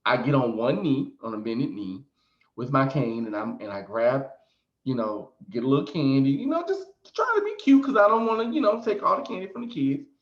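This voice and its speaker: An animated man tells a story in a vlog, his pitch swinging lively up and down, and he laughs often and throws in asides. The recording is roomy and echoey, with a slightly dull, muffled tone. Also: brisk. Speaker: psychic reader and video host.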